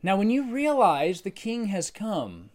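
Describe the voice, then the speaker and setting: Conversational pastor with loud emphatic peaks. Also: male voice, wildly swooping pitch, unhurried. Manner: conversational, builds to loud emphatic peaks then drops low. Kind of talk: sermon.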